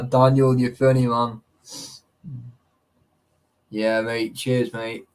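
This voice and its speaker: A man hosting a live stream, chatting loosely with viewers and the people around him. His pitch sits in the middle range. He talks in a laddish way, swears freely and laughs a lot. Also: level tone, very slow, poor audio. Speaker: livestream host. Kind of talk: casual live-stream chat.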